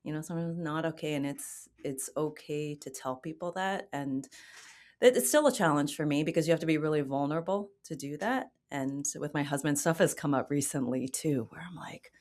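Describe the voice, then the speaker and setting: A woman with a low voice talks openly in an interview. She tells her story in a candid, reflective, conversational way. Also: normal speed, a little mellow. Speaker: guest. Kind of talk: casual interview talk.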